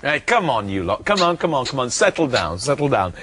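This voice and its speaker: A man's voice: medium pitch, sing-song, fairly quick. A man presenting a children's puppet show in a chatty, jokey, exclaiming manner.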